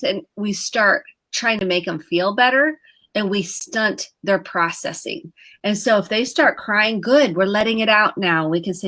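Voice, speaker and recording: A woman therapist giving gentle, explanatory parenting advice on a live talk show, sometimes acting out quoted dialogue. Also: medium pitch, moderate pace. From United States.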